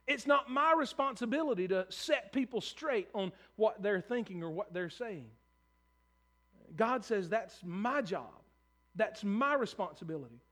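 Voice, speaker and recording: Male pastor, high voice, earnest conversational preaching with restarts. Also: expressive, unhurried, fairly bright tone. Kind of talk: sermon.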